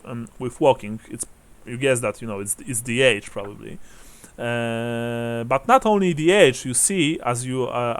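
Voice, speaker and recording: Slow, halting male game master. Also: medium pitch, clean tone. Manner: halting, many fillers, chuckles between lines. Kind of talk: narrating a tabletop game.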